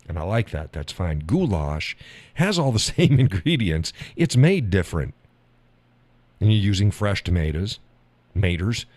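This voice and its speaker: A man's voice: low-pitched, a little mellow, no echo. A man hosting a live stream, chatting casually with viewers in a folksy, drawling way and laughing often.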